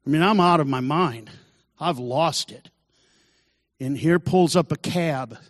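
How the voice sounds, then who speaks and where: Recounting his recovery like a sermon, a man tells the story earnestly and performs the voices he quotes. His slightly high voice keeps a measured pace, recorded dry at studio quality with a long reverb tail.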